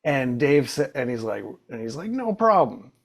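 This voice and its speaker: A man's voice: mid-range voice, steady tone, normal speed, gravelly, darkish tone. Casual podcast host man. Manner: casual, rambling questions with many fillers. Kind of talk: podcast interview.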